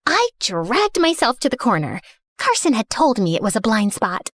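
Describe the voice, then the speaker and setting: A young woman narrating an animated story as a spoiled, theatrical rich girl, sarcastic and self-centered. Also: fairly high pitch, moderate pace, no room sound, studio quality. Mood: sassy. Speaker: first-person narrator.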